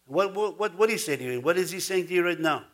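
A man delivers a sermon in a relaxed, folksy manner, chuckling between thoughts. His voice sits a little high for a man, and it climbs further when he gets emphatic and preachy. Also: fast talker. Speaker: pastor.

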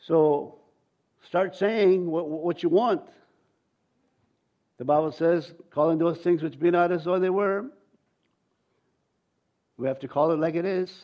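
A man's voice: a little high, measured pace, pauses often, highs cut off. Man preaching a faith sermon. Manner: conversational preaching, acts out quoted voices, repeats words. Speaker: pastor.

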